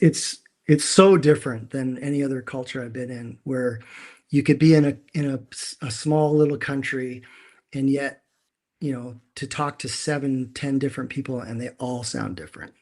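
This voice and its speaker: Animated man on a video call. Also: mid-range voice, vocal fry. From Canada. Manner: animated storyteller with many restarts. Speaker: co-host. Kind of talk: casual chat. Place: home room in dim light.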